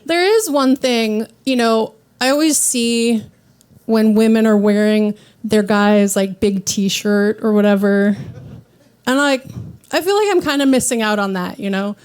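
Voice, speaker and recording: Lady doing stand-up, slightly high voice, self-deprecating, acts out people's lines. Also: a little slow, smooth. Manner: self-deprecating, animated quoting of others. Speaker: comedy show host. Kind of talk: stand-up comedy set. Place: live comedy venue with audience.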